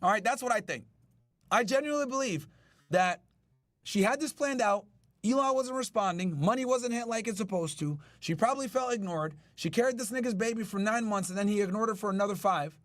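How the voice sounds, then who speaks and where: A man's voice: sits high, fairly quick, fairly bright tone, no echo. A male podcast host in casual chat with his live chat, brash and profane. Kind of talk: casual chat reacting to news.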